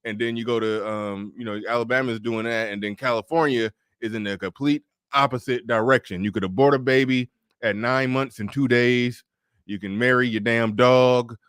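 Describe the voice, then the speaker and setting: A man hosting a casual political podcast, talking loosely with plenty of profanity and quick laughs. His voice sits at a middle pitch and sounds close and dry, with no room around it. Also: fairly even intonation, a bit bright, clear, resonant tone, dry recording. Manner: loose, profane, laughs often, many restarts. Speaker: podcast host.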